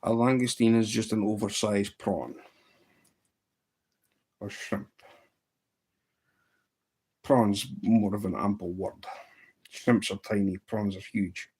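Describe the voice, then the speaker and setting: A man's voice: lowish voice, steady tone, slow, long pauses, darkish tone, husky. Chatty man hosting a fly-tying livestream. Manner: chatty, answers viewer questions and tells jokes. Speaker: livestream host. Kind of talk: casual livestream chat while fly tying. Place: indoors at a tying bench.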